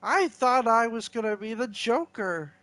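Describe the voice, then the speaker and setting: Slow-talking joker, male, silly and giggly, dry close sound. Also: very high voice, lively intonation, fairly bright tone, no echo. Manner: silly, giggly, rambling jokes. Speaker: user chatting with an AI character. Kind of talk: goofy joking chat.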